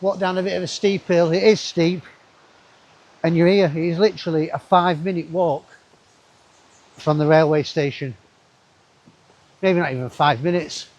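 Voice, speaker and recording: Guy walking with a handheld cam, chatty, mutters asides, bit of a gravelly rasp. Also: fairly high pitch, steady tone, moderate pace, pauses often, a little mellow. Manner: chatty, rambling asides to himself. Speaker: travel vlogger. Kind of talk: casual walking commentary. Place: outdoors in a wooded river gorge.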